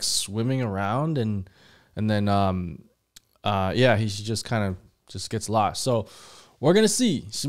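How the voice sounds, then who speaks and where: Excitable man chatting to viewers. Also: mid-range voice. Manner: chatty and excitable, rambling with fillers and restarts. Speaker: host of a movie reaction channel. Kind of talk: casual chat to viewers.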